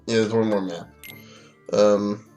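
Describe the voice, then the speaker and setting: A man's voice: lowish voice, steady tone, slow, darkish tone, faint music behind. A man giving casual, rambling, joking commentary over a video game. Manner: rambling, joking, many fillers. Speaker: let's play gamer.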